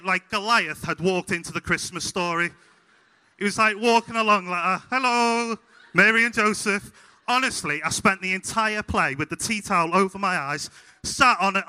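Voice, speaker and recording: A young man with a Scouse accent from Liverpool, preaching a sermon told through funny, animated stories. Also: sits high. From Liverpool, England. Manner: humorous, animated anecdotes. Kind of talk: sermon with storytelling. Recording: hall reverb.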